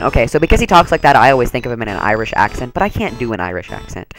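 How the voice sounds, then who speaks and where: A man's voice: mid-range voice, big pitch swings, racing, few pauses, fairly bright tone, soft background music, poor audio. A man giving rambling, casual commentary over his gameplay, full of "like" and "um". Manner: chatty, rambling, lots of "like". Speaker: let's play commentator.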